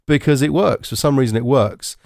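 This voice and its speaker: A man's voice: mid-range voice, a little fast, creaky, darkish tone, no room sound, studio quality. A man hosting a casual movie review podcast. He rambles, corrects himself and gives blunt opinions. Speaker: podcast host.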